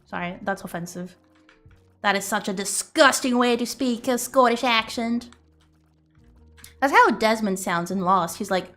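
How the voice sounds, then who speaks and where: A young woman who streams and makes art chats casually, rambling with giggles and loose swearing. Her mid-range voice is fairly bright and measured, over soft background music.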